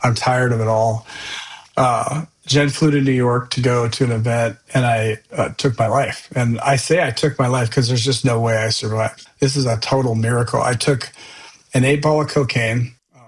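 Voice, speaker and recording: A man's voice: mid-range voice, fairly even intonation, normal speed, poor audio. A man as a podcast guest, telling a personal testimony in an earnest, candid, loosely conversational way.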